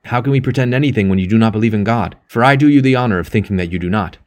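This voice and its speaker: A man's voice: mid-range voice, unhurried, voice pushed up, lightly acted. A man voicing an earnest, grieved priest who pleads with passion. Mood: pleading. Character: earnest older priest, grieved but firm.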